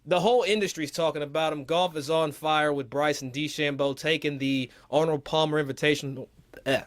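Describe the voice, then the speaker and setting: A man co-hosting a golf talk show, chatting casually with animated, playful slang. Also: fairly high pitch, a little fast. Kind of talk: casual sports chat.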